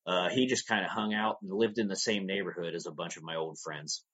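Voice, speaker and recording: A man's voice: low-pitched, steady tone, brisk, fairly bright tone, slightly rough. A man talking as a podcast guest about his audio drama work, in an easygoing, rambling storytelling manner. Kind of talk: casual interview talk.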